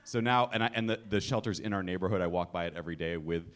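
A man's voice: low voice, fast, clear, resonant tone. A man chatting casually on a panel, telling self-deprecating stories and laughing often. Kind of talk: casual chat.

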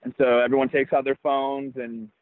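A young adult man, a baseball player, telling a personal story in an interview in an earnest, reflective way with halting restarts. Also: mid-range voice, little pitch movement, no room sound. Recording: tinny phone-like, dry sound.

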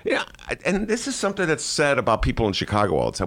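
Animated, sarcastic political talk host man. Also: medium pitch, fast. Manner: sarcastic, animated, many "uh" fillers. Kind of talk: casual political commentary. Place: studio.

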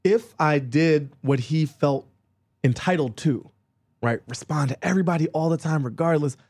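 A man speaking as an author guest in a casual conversation, animated and self-mocking, with quick jokes. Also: on the high side, breathy edge, no echo.

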